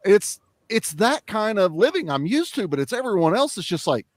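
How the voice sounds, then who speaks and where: A man's voice: sits high, sing-song, moderate pace, no echo, studio quality. A man from the South, chatting bluntly and swearing casually on a podcast. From American South. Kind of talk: casual chat.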